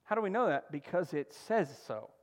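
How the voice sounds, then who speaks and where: Preacher guy, pretty high voice, super animated, loud then hushed, lots of hall echo. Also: brisk. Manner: emphatic, call-and-response preaching with sudden drops to a hush. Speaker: pastor. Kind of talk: sermon.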